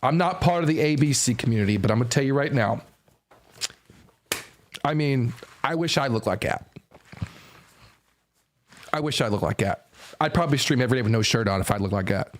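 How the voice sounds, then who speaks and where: A young man streaming, giving casual reaction commentary, animated, repeating lines, swearing and laughing often. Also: mid-range voice, brisk, pauses often.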